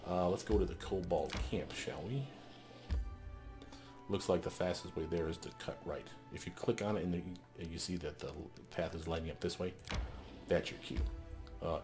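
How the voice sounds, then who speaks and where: A man casually commenting on a fantasy game and reading its text aloud, thinking out loud. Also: low voice. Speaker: let's play host.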